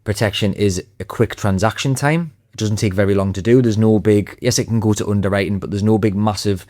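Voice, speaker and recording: Low-voiced confident man, dry close sound. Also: steady tone, a little fast, darkish tone, no echo. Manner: confident, emphatic, conversational. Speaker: podcast guest, sales trainer. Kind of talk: podcast interview.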